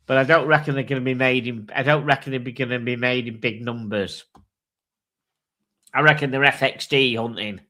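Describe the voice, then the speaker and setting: A man hosting a casual live chat with a bright, forceful voice. He thinks aloud, swears freely and reads specs and prices in an easy, offhand way. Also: medium pitch, steady tone, normal speed. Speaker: host.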